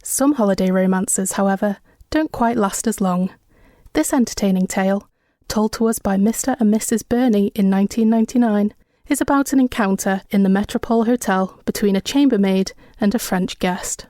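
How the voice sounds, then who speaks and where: A woman reads scripted introductions for a radio heritage program in a measured way. Her voice is mellow and warm, recorded close and dry. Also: medium pitch, no room sound. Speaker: radio presenter. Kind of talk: scripted narration.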